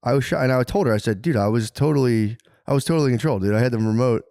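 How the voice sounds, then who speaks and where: A man co-hosting a podcast, telling crude stories in casual banter and jumping into high yelps for the punchlines. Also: racing, dry recording, clean studio sound. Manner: animated storyteller, often jumps into high yelps for punchlines. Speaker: podcast co-host.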